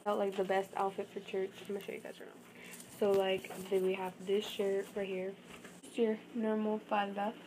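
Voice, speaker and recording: A woman's voice: mid-range voice, monotone, moderate pace, background noise. A teenage girl from Arizona chatting casually to her phone camera in a vlog, giggly and full of "like". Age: teens. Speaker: vlogger.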